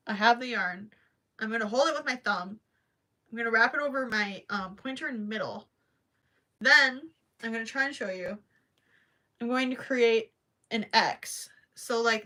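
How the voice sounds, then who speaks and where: Bright-voiced young woman crochet streamer. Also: fairly high pitch. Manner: chatty, apologetic, giggly, thinks aloud. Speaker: crochet livestream host. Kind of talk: casual livestream chat and crochet demo.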